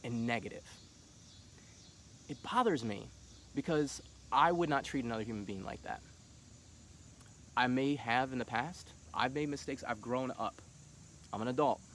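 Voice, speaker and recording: A man in his thirties talks straight to camera in a casual, earnest vlog. He speaks at an ordinary middle pitch and can get heated when he presses a point. Faint insect and country sounds hum behind him outdoors. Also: moderate pace, long pauses, a bit bright. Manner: earnest, rising to heated urging. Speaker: vlogger.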